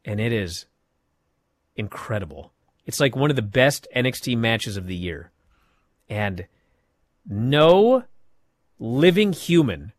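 A man hosting a wrestling talk show, recapping matches in casual chat with animated, mocking outbursts. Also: medium pitch, no echo, studio quality. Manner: animated, mocking, jumps to shouting. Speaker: wrestling podcast host.

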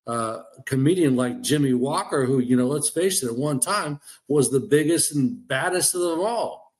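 A man's voice: medium pitch, lively intonation, moderate pace. A man hosting a sports radio show, asking his guest questions in a rambling, repetitive way. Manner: rambling, repeats words when starting a thought. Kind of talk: casual radio chat.

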